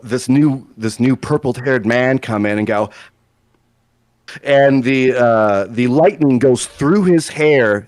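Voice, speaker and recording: A man's voice: medium pitch, dry recording. Rambling male game master. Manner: rambling, filler-heavy, laughs often. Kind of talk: narrating a tabletop game.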